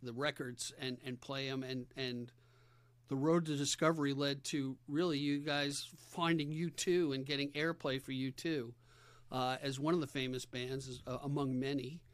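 A man's voice: mid-range voice, fairly even intonation, normal speed, no room sound. A man with a New York accent hosting a podcast interview in a casual, conversational way. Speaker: podcast host, salesman.

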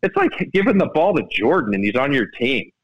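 A man's voice: mid-range voice, big pitch swings, a little fast, husky, lo-fi sound. Rambling male sports radio storyteller. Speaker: radio show co-host. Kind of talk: casual sports radio chat.

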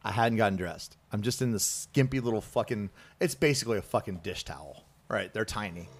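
Male podcast co-host, ex-Marine, lively swooping delivery, salty storyteller. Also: fairly low pitch, brisk. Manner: profane, animated storyteller who acts out quoted voices. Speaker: Marine veteran. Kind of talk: casual storytelling.

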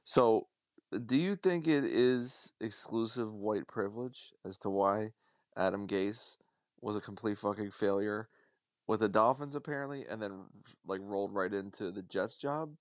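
A man with a lowish voice talks through his thoughts slowly on a podcast, hesitating and circling back before he gets to the point. The sound is close and dry. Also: dry recording. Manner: hesitant, meandering, many fillers and restarts. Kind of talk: casual chat.

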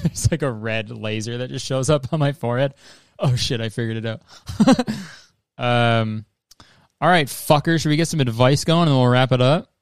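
A man's voice: mid-range voice, normal speed, long pauses, smooth, no echo, studio quality. A man hosting a podcast in casual, rambling chat, swearing freely and laughing often. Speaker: podcast host.

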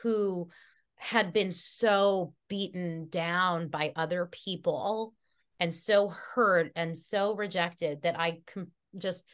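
A woman guest in a casual podcast conversation, telling a heartfelt story with lots of fillers and restarts. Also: on the low side. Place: Connecticut.

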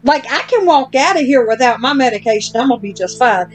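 A woman's voice: on the high side, animated, fast talker, a little hiss or hum. A woman podcast host telling a long story in casual chat, blunt and self-deprecating, with casual swearing.

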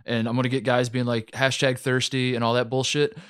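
A man's voice: medium pitch, little pitch movement, a little fast, clear, resonant tone, no echo. Chatty man on a dry sports podcast. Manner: chatty, laughing easily, eager recapping. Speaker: podcast co-host. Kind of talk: casual sports chat.

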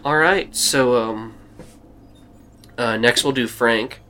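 A man narrating a tabletop game as game master, rambling and halting as he goes. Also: medium pitch, sharp tone. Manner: rambling, halting, with fillers and laughs.

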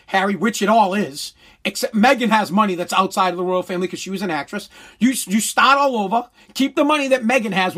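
A man's voice: sits high, a bit bright. A man delivering a blunt, heated, sarcastic opinion rant full of crude swearing.

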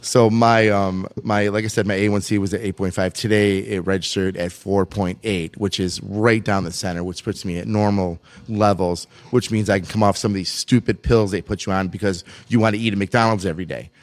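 A man chatting on a podcast, an animated, self-mocking storyteller who laughs often. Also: fairly low pitch, brisk, hardly any pauses. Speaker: podcast guest telling his story. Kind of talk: casual podcast chat.

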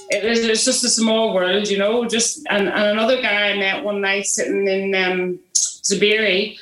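A woman from Belfast with a Northern Irish accent, telling stories in a chatty, animated way, acting out what people said. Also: medium pitch, echoey room, rough recording. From Belfast, Northern Ireland. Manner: chatty, animated, lots of restarts and acted-out quotes. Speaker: guest. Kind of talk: casual storytelling.

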